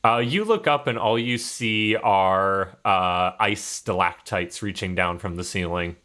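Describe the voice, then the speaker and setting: Unhurried man narrating a tabletop game. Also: sits low, expressive, sharp tone. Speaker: game master.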